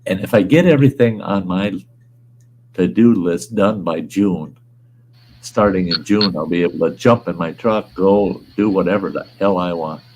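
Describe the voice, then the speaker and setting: Older male host, low voice, blunt and foul-mouthed, casual chat, light background noise. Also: moderate pace, a little mellow, poor audio. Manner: blunt, profane storyteller.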